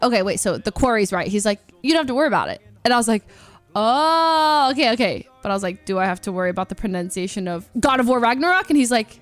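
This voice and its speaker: A woman's voice: medium pitch, lively intonation, rapid-fire, few pauses, faint music behind. Chatty woman streamer telling a story. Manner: chatty, acts out quoted people, lots of "like". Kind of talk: casual storytelling.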